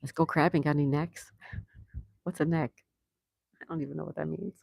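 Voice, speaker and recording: A woman's voice: low-pitched, fairly even intonation, brisk, creaky, darkish tone, slightly rough, no room sound. A woman hosting a casual live stream, chatting and laughing as she greets viewers and answers their comments. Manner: laughs often. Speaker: livestream host. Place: home in Florida.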